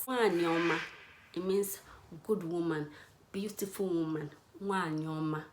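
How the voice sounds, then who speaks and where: A young woman teaching Igbo words in a casual, playful way, laughing often and repeating words slowly. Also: lowish voice, steady tone, roomy sound. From Nigeria, Igbo. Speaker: language teacher. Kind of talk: casual language lesson.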